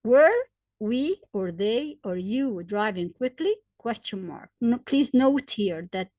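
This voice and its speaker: A woman, likely a native Arabic speaker, teaching English grammar step by step, spelling out letters, repeating examples and pausing with fillers. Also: fairly high pitch, expressive, darkish tone, no room sound, studio quality. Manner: hesitant fillers between points. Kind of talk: slow, deliberate grammar lesson.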